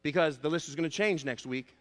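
A male pastor preaching a sermon, emphatic and repeating his key points, slowing down to stress words. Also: a little high, fairly bright tone. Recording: long hall reverb.

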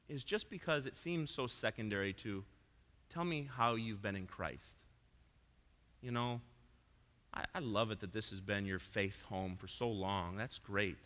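Pastor guy preaching, loud then quiet asides, bright tone, big echoey church. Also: on the low side. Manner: emphatic, swings between loud proclamation and soft asides. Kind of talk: sermon. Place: church sanctuary. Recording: long reverb of a church hall.

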